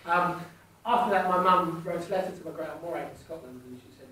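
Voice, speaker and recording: A man's voice: fairly high pitch, fast, hardly any pauses, bright, forceful tone. Joking man in an echoey hall. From England. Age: 40s. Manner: cheeky, jokey, teases the audience. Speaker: ghost tour guide and medium. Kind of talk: joking storytelling to a live group. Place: large indoor hall in an old fort. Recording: echoey, distant room with faint noise.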